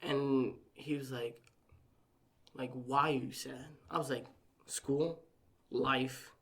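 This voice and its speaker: A man's voice: mid-range voice, steady tone, slow, vocal fry. A young man chatting as a podcast guest, rambling through a personal story with lots of "like" and acting out what his family said. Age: young adult. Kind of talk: casual podcast conversation.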